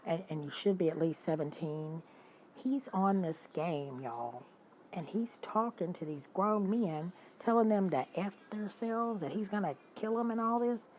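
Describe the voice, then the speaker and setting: A woman, hosting a livestream and telling stories in an animated, indignant way while talking to her viewers. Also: on the low side, unhurried, a little hiss or hum, rough recording. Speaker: livestream host. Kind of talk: casual storytelling to live chat.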